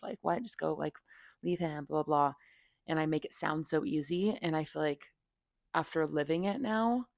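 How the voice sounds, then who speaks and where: A woman's voice: low-pitched, creaky, no room sound, studio quality. A young woman hosting a podcast, venting candidly in casual talk full of "like" and swearing. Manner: venting, heavy "like" filler, frequent swearing. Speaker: podcast host.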